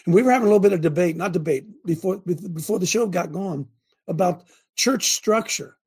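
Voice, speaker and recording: An older man hosts a preachy livestream show, his voice sitting high with a darkish, slightly rough tone. As host and preacher, he talks a little fast, fervent and rambling, restarting often.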